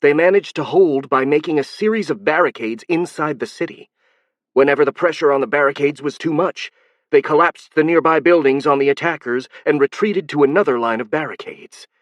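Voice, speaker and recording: A measured young woman strategist, as a male narrator puts her on, calmly laying out a plan. He lifts his voice a little above his own for her, recorded dry and close. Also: fairly high pitch, no echo, voice pushed up, natural voice. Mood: explaining. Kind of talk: audiobook narration.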